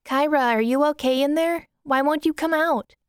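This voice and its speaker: A woman voicing a worried, earnest younger sister in a high, pleading voice. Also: moderate pace, dry recording, clean studio sound, close to an everyday voice.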